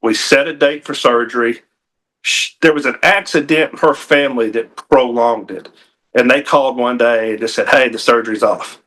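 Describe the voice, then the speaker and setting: A man's voice: medium pitch, steady tone, moderate pace, fairly bright tone. A man, a game warden telling a personal story in a TV interview, folksy and earnest with frequent restarts.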